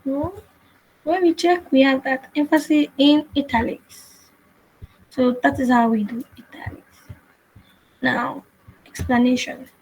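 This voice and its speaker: A woman's voice: high-pitched, steady tone, unhurried, long pauses, darkish tone, rough recording. A woman teaching web development in a screen-share coding tutorial, explaining patiently and repeating herself with frequent restarts.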